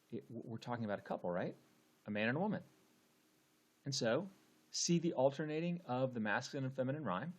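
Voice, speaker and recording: A man's voice: medium pitch, fairly bright tone, dull audio. Casual man teaching poetry. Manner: conversational, frequent "okay" and fillers.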